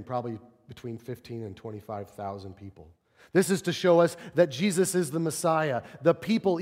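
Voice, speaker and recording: Man preaching in a reverberant hall. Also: fairly high pitch. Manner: animated storytelling, acts out quotes. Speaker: pastor. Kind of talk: sermon. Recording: long reverb of a large hall.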